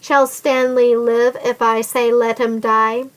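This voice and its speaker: A woman's voice: on the high side, flat delivery, slow, poor audio. A woman reading as a sneering, vengeful nobleman. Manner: sneering, menacing, archaic formal speech. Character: scheming, vengeful nobleman threatening a captive woman.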